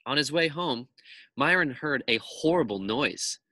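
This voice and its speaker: Lively man reading a children's story. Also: medium pitch, a little slow, dry recording. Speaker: teacher reading to his class. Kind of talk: children's book read-aloud.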